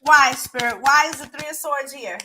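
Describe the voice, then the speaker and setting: A woman's voice: high voice, moderate pace, noisy background. A woman giving a casual spoken tarot reading. She is emphatic and profane and keeps asking "right?". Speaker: tarot reader.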